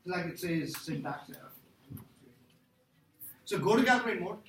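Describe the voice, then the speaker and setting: A man's voice: high voice, animated, normal speed, fairly bright tone. A man teaching a math class, joking with students and quizzing them as he works problems. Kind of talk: classroom lecture. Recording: echoey room from far off, faint noise.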